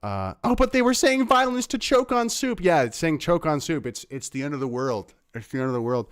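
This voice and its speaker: A man's voice: a little high, very animated, a little fast, clear, resonant tone, dry recording, clean studio sound. A man hosting a livestream, giving casual, sarcastic commentary on clips he plays, rambling with fillers. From Canada. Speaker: livestream host reacting to clips.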